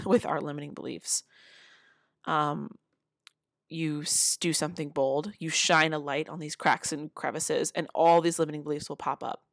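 A woman's voice: deep voice, dry recording, clean studio sound. A woman giving casual motivational talk to camera, earnest and full of fillers, streaming live from a phone at home. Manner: earnest, many fillers, with laughs. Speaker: motivational speaker. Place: city home.

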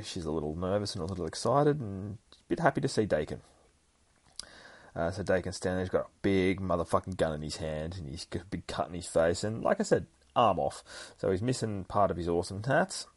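Low-voiced man rambling through a comic. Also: lively intonation, brisk, slightly rough, no room sound. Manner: rambling and profane, with many fillers. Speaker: comic book podcast host. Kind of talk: casual comic book retelling.

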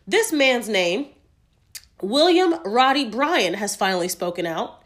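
A woman's voice: high-pitched, big pitch swings, normal speed, fairly bright tone. A woman hosting a solo podcast, speaking emphatically and outspokenly and swearing freely. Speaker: podcast host.

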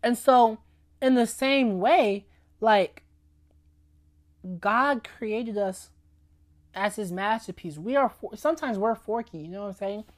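A woman with a fairly high voice gives a casual talk about faith, speaking slowly and pausing often. Her tone is conversational, and she keeps checking in with "right?" and "you know what I'm saying?"

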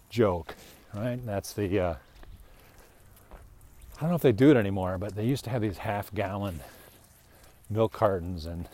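An older man with a lowish voice giving a loose, rambling commentary monologue. He chuckles between points and often slips into mocking voices. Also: measured pace, long pauses, dark tone. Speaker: political commentator. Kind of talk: casual monologue.

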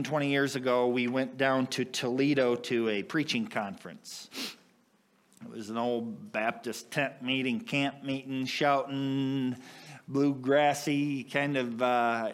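A man preaching a sermon as pastor, with impassioned swells in pitch and volume. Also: a bit bright.

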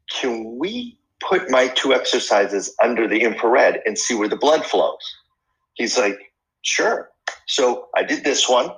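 A middle-aged man with a lowish voice tells an animated story about his work as a guest on a talk show. He keeps playing the people he quotes, with bright jumps in his voice. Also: rough recording. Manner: enthusiastic, acts out quoted dialogue. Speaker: personal trainer, guest.

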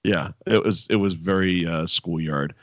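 Jittery from too much coffee, a male podcast co-host curses his way through an exasperated, casual rant about wrestling, breaking into sudden high outbursts. He speaks at a moderate pace, and the recording is dry and lo-fi.

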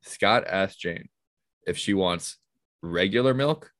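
A man hosting a casual podcast, playfully running segments and firing off quick questions. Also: sits low, animated, fairly bright tone, no echo, studio quality. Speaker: podcast host.

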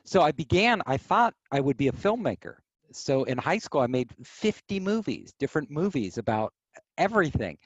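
A man telling stories as an interview guest, animated, acting out quoted voices. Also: on the high side, normal speed, dry recording, dull audio. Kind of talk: casual storytelling.

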